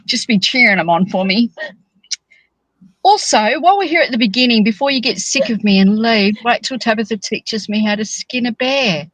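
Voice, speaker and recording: A woman, chatting in a teasing, animated way as a monthly guest on a casual podcast. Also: fairly high pitch, normal speed, no room sound, poor audio.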